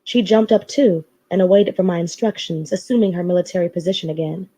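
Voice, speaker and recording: A woman reading a novel aloud in expressive storytelling, now and then adding her own asides. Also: fairly low pitch, a little fast. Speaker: story reader.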